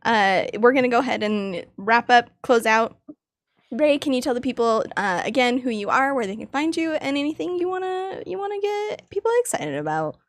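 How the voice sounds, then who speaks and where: Lively, laughing woman host. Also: fairly high pitch, normal speed, no echo, studio quality. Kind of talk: casual chat, wrapping up a stream.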